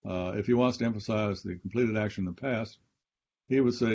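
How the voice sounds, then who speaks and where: A man teaching with a low, mellow, husky voice. He explains step by step like a professor and repeats key phrases. The audio is slightly dull and lo-fi. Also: brisk. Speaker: Bible scholar and professor. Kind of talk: teaching conversation on a podcast.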